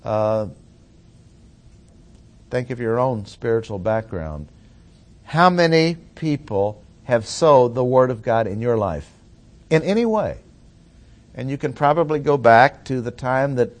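A man preaching an expository sermon, deliberate and emphatic, slowing down to stress key phrases. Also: mid-range voice.

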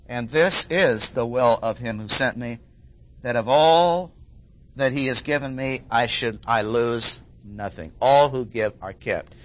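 A man preaching an expository sermon, repeating key phrases for emphasis and often clearing his throat. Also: medium pitch, a little slow, a bit bright.

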